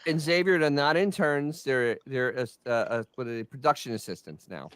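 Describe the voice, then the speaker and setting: A man's voice: mid-range voice, moderate pace, fairly bright tone, smooth, no echo, studio quality. A man co-hosting a podcast, heated and stammering in casual chat. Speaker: podcast co-host.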